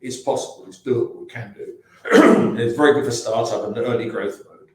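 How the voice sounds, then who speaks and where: A man's voice: mid-range voice, normal speed, darkish tone. A man in his sixties with an English accent, a company founder telling rambling anecdotes in a casual interview, with restarts and asides. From England. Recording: very echoey room.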